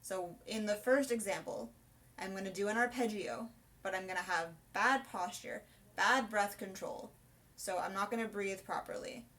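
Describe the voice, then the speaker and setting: A woman's voice: mid-range voice, moderate pace, a bit bright. A young woman, a soprano singing teacher, chatting through a casual vocal lesson in an explanatory way. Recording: voice from a distance, piano behind.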